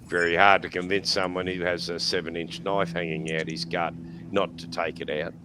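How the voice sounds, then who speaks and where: Australian man, very deep voice, crude and chatty storyteller, noisy background on the recording. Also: level tone, normal speed. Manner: profane, laughing, acts out quotes. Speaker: podcast panelist. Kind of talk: casual chat, crude storytelling.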